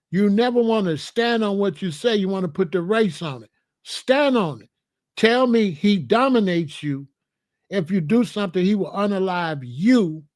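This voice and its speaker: High-voiced guy, aave, preachy and in your face, dry close sound. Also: a little mellow, dry recording. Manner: confrontational, repeats questions, preachy. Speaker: host answering a viewer. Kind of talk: live-stream commentary.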